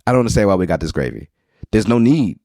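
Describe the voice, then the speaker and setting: Lively low-voiced man rambling. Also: quick pace, no room sound, studio quality. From New Orleans, Louisiana. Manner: rambling, profane and wry. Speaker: podcast host. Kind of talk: casual solo podcast monologue.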